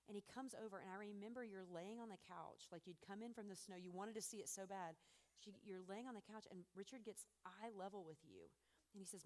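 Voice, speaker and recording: Woman, middle-aged, casual storytelling, animated, laughs often, quotes people vividly. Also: medium pitch, normal speed. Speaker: host mother telling family story.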